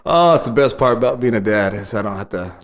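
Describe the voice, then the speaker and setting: A man's voice: lowish voice, fast. A man in his thirties, a podcast co-host, telling family stories in casual chat and laughing often. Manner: animated storytelling, laughs often.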